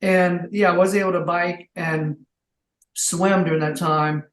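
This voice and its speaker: A man telling his comeback story as a podcast guest, earnest and full of faith, with bursts of excitement. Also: high voice, measured pace. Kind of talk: casual interview chat. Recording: roomy echo.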